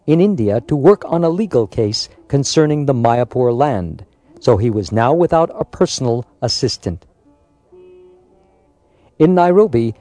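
A man reading a biographical story aloud in a measured, scripted narration. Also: medium pitch, mellow, no room sound. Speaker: audiobook narrator.

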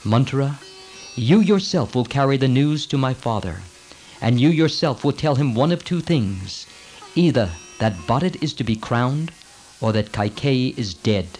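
A proud, aggrieved queen from a storybook tale, dramatic and emphatic, as a man reads her part. The pitch stays in an everyday middle range, with faint music under the voice. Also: expressive, a little slow, darkish tone, natural voice, poor audio. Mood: bitter. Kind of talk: storybook reading.

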